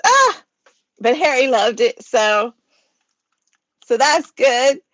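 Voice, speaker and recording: A woman's voice: a little high, takes it slowly, no echo. A woman hosting a poetry reading, chatting casually about a poem in a chatty way with giggly asides. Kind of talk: casual chat about poems.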